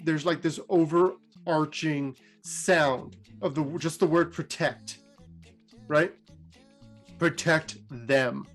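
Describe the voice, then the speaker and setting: Chatty man retelling game lore. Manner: chatty, many fillers, animated pitch jumps. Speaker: lore storyteller.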